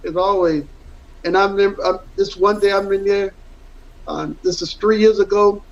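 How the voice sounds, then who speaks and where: A man's voice: high-pitched, steady tone, normal speed, vocal fry. A middle-aged man, telling his story in a candid interview, earnest and rambling, repeating words for emphasis. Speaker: interview guest, former football player. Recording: dull lo-fi audio.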